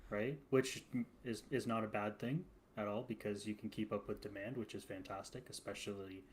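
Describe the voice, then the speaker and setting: Measured low-voiced male podcast guest. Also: fairly even intonation, slight background noise. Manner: measured, thoughtful, trails off. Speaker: podcast co-host. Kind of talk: casual chat.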